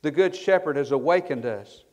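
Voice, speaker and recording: Preaching with lively intonation at a normal speed, a male pastor with a slightly high, somewhat mellow voice reads old-style scripture aloud, his emphatic phrases swelling before tapering off. The sound is lo-fi.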